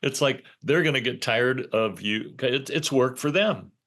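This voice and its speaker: A man's voice: medium pitch, measured pace, a bit bright. A man hosting a podcast, earnestly giving advice straight to the listeners in casual chat. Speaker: podcast host.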